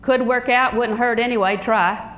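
An older woman preaching a sermon, animated and humorous, telling stories with frequent laughter. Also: fairly high pitch, normal speed, echoey room, lo-fi sound, a little hiss or hum.

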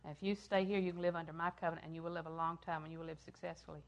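Older woman, preacher, slightly low voice, repeats phrases, loud then hushed. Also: little pitch movement, racing, dull audio. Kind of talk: sermon.

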